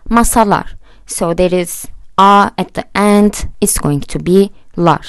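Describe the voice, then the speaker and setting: A woman's voice: fairly low pitch, no room sound, studio quality. A woman teaching a language lesson, patiently spelling out letters and word endings. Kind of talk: slow explanatory lesson.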